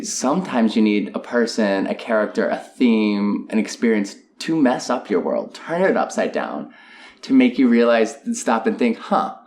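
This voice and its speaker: A man's voice: lowish voice, a little mellow, a little hiss or hum. A young adult man co-hosting a casual podcast chat, earnest and enthusiastic, with many "um" and "you know" fillers. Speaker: podcast co-host.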